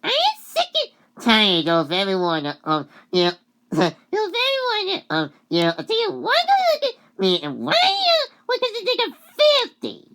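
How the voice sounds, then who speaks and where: A shrill, weepy female cartoon character bursts into a halting, sobbing rant, as a vlogger puts her on. Her voice sits far above the speaker's own low register. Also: big pitch swings, creaky, smooth. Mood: tearful outrage.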